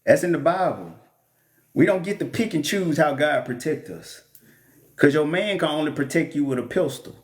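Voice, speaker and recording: A man's voice: fairly high pitch, lively intonation, moderate pace. A man reading the Bible aloud and commenting in a blunt, joking, preacherly way. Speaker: Bible teacher.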